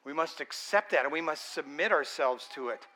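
A man's voice: on the high side, lively intonation, moderate pace, pushed and bright. A man preaching a sermon in an earnest, conversational and emphatic way.

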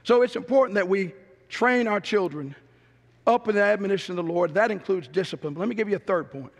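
A middle-aged pastor with a drawl preaches in an emphatic, storytelling way, driving his points home by repeating them. His voice sits high and carries a gravelly rasp, ringing out with a long reverb through a church sanctuary. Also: fast. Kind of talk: sermon.

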